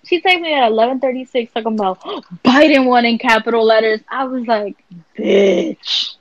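Woman podcast co-host, animated and laughing, dull lo-fi sound, dry room. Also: on the high side, a little fast, dry recording. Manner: loud, laughing, animated storytelling. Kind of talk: casual chat.

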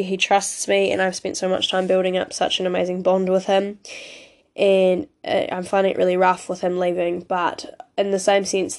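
A woman's voice: on the low side, gravelly, a little mellow. Teary New girl rambling on a podcast. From New Zealand. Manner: rambling, apologetic, with many ums. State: voice rough from crying. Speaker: podcast host. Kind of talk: casual solo podcast update.

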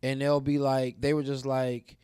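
A man from the American South talking frankly in a casual podcast chat, animated and acting out the voices of people he quotes. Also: medium pitch, normal speed, smooth, dry recording, clean studio sound. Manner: candid, animated storyteller who acts out quoted dialogue. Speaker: podcast co-host.

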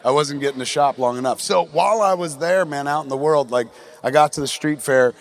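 A man's voice: on the high side, fairly quick, vocal fry. A middle-aged man from New Jersey, hosting a podcast live on a theatre stage and telling a long, profane story with acted-out quotes. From New Jersey, USA. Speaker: podcast host.

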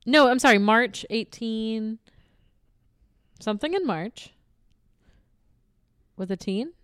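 Female podcast co-host, smooth clear voice, quick interjections, dry close mic. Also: a little high, expressive, fairly bright tone, dry recording. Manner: quick, chiming in and correcting details. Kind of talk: casual recap chat.

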